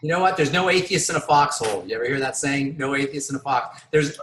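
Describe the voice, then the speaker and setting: A man who works as a pharmacist, guesting on an interview show and telling jokes as a lively storyteller. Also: medium pitch, fast talker, echoey room, low-quality recording. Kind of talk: casual interview chat.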